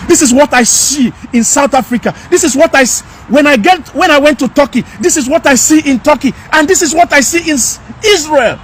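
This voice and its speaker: A man's voice: extremely high pitch, fairly quick, few pauses. A man delivering an emphatic, repetitive, scolding rant as a commentator. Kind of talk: impassioned rant.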